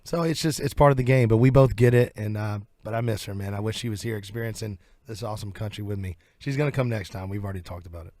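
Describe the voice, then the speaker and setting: A man's voice: lowish voice, quick pace, few pauses, no room sound, studio quality. Laid-back man with a Southern drawl. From southern United States. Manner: relaxed, rambling, laughs easily. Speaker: country singer, interview guest. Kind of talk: casual interview chat. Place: radio studio.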